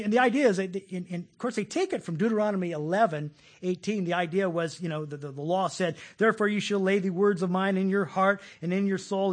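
A middle-aged man preaching a sermon as pastor, folksy and animated, telling jokes and acting out voices. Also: high voice.

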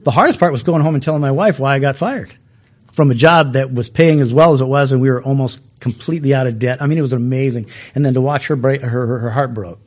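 A middle-aged man preaching a sermon as a pastor, animated and often restarting with repeated words. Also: mid-range voice, fast talker.

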